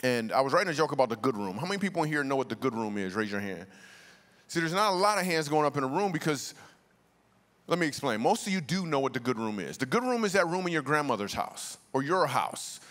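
A man's voice: medium pitch, big pitch swings, fast, fairly bright tone. Man joking through a sermon in a hall. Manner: conversational, jokey, bantering with the crowd. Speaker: guest speaker. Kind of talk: comedic sermon. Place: large church hall. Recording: live sermon with long hall reverb.

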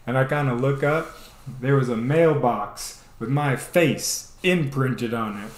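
A man vlogger telling a comedic personal story in a playful, animated way. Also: mid-range voice, a little slow, roomy sound. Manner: animated, playful delivery with sound effects.

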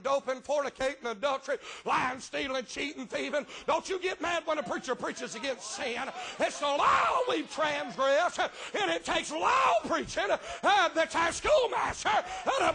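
A middle-aged preacher with a strikingly high, bright voice and a gravelly edge delivers a revival sermon. He starts in plain, folksy storytelling with dialect grammar, then shifts into a chanting, shouted cadence with a sharp "uh" between phrases.

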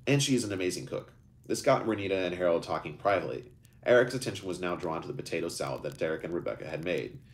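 A deep-voiced man reads his own book aloud in a live session. His pitch moves about a lot as he narrates, and he often trips over words and goes back to fix them. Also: quick pace. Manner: animated reading, raises pitch for characters, stumbles and restarts.

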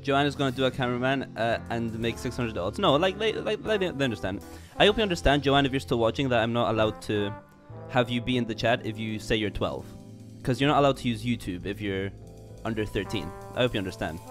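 A young man streaming a game, chatting loosely and joking at his own expense, often stumbling and restarting his words. His pitch is in an ordinary middle range, with soft jazz music playing faintly behind him. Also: a little fast, hardly any pauses. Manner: goofy, rambling, self-mocking, stammering restarts. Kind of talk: casual game livestream chat.

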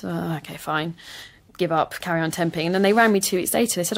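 A woman comedian recounts her past in a candid interview, quick to mock herself and unafraid to swear. Her voice sits a little low for a woman. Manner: self-deprecating, lively, swears casually. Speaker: comedian guest.

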